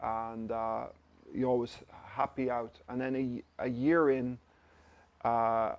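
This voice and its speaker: A man's voice: medium pitch, steady tone, slow pace, dull audio. An Irish man, an interview guest, telling stories in a casual chat and acting out the dialogue he quotes. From Ireland. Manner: anecdotal, acts out quoted dialogue. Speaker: interview guest, company director.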